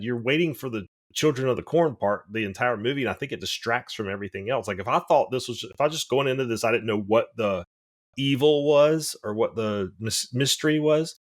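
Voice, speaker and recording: A man's voice: mid-range voice, lively intonation, brisk. A man co-hosting a podcast in casual chat, rambling and opinionated, often restarting his sentences. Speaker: podcast co-host.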